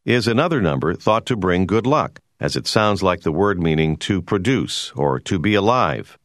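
Male course narrator, deep and expressive, measured explanatory read, dry booth. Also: no room sound. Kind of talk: scripted educational narration.

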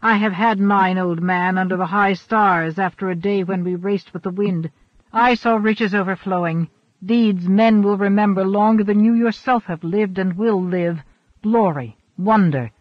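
A man reading the part of a bold, boastful young hunt leader in an audiobook, speaking loudly and defiantly. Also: high voice, a little slow, no echo. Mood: exalted. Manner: loud, emphatic, defiant. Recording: dull, dry recording.

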